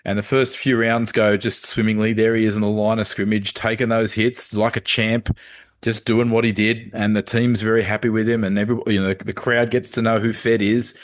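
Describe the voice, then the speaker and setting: A man's voice: fairly low pitch, level tone, fairly quick. An Australian man hosting a podcast, telling stories in a rambling, casual way and often repeating words. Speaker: podcast host. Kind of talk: casual storytelling chat.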